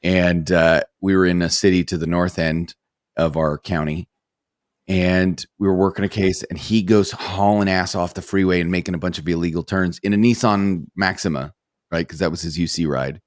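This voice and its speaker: Male podcast co-host, ex-narcotics cop, low voice, measured and wry, dry close mic. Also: fairly even intonation, no room sound. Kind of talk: casual storytelling.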